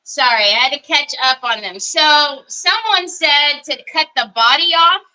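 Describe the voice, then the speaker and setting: A woman with a fairly high, very bright voice hosts a live crafting session. She talks at a slow, easy pace, thinking aloud as she works and greeting viewers one by one. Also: expressive, low-quality recording. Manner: chatty, greets viewers by name while working. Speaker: craft livestream host. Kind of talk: casual live crafting chat.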